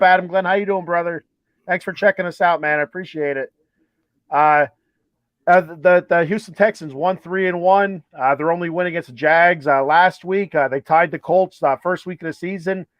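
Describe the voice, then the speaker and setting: A chatty man co-hosting a sports show, his voice sitting a little high for a man. It comes through dull and lo-fi, very dry with no room sound. He talks in a loose stream full of restarts and fillers. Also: dry recording. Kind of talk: casual sports talk. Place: home room, with a TV playing a ballgame behind.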